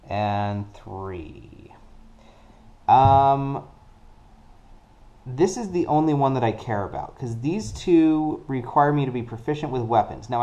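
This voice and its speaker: A man casually narrating a solo card game play-through, working things out deliberately and counting dice aloud. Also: medium pitch, dark tone, muffled recording. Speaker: board game player.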